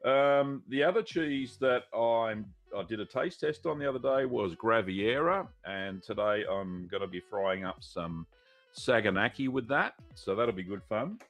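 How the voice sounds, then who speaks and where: Gravelly Australian man hosting a live stream. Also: medium pitch, measured pace, soft background music. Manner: rambling, friendly, many fillers, greets viewers by name. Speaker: host of a live cheese-making Q&A show. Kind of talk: casual live-stream chat.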